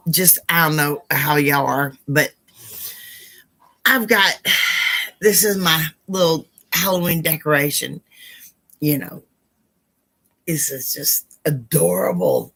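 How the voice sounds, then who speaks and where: A woman hosting a live psychic Q&A stream, chatty and affectionate with her viewers, her voice hoarse and rough. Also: low voice, lively intonation, takes it slowly, long pauses, a bit bright.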